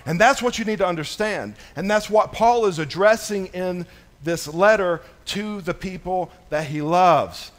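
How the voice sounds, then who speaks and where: A man in his thirties preaching a sermon as a pastor, casual and conversational, with many fillers, shifting between soft storytelling and louder emphatic stresses. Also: high-pitched, unhurried. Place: church.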